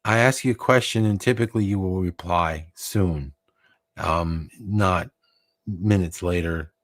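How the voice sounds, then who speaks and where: A man with a Texan accent co-hosting a live show in casual chat, rambling and halting with many restarts. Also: sits low, dry recording.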